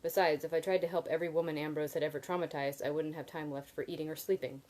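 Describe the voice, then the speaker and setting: On a live video, a woman reads a novel aloud, breaking off now and then for casual asides to viewers and laughing at their comments. Her low voice is steady, fast and slightly mellow, and the recording quality is low.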